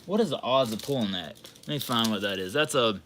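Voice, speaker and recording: A man hosting a sports card livestream, chatting casually and getting loudly excited over his pulls. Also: medium pitch, brisk, slight background noise. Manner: excitable, hollering and laughing over a big pull.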